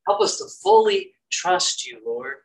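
A man gives an earnest devotional sermon, moving from lively retellings to hushed, prayerful pleas. His voice sits at an everyday middle pitch. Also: a little slow, rough recording. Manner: earnest, prayerful, quotes with rising energy. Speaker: preacher.

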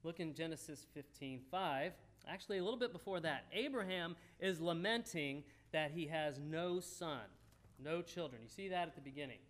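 A man's voice: a little high, normal speed, fairly bright tone. A man preaching a sermon in a folksy, conversational teaching style, talking directly to the congregation. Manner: folksy, talks straight to the congregation.

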